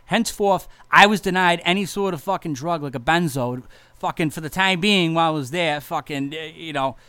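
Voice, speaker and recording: A man's voice: on the high side, fairly quick, pushed and bright, smooth, no echo. A man telling a personal story in a casual, profane, rambling monologue.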